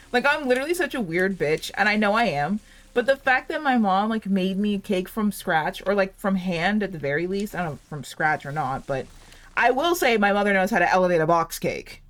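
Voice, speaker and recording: A woman's voice: mid-range voice, animated, fairly quick. A woman in her late twenties chatting casually over gameplay, rambling and giggly, saying "like" a lot. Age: late 20s. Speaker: gaming channel host.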